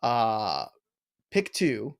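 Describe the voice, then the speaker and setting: A middle-aged man hosting a live fantasy football question show, reading viewer questions aloud in a quick, jokey way. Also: on the low side, wildly swooping pitch, gravelly, clean tone. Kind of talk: live Q&A chat.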